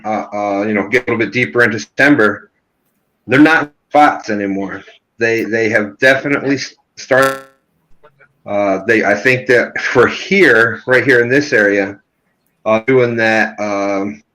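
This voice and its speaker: A man's voice: medium pitch, fairly bright tone, low-quality recording. A man hosting a fishing livestream, rambling and hesitant, with many fillers. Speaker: host, catfisherman. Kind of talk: casual livestream chat.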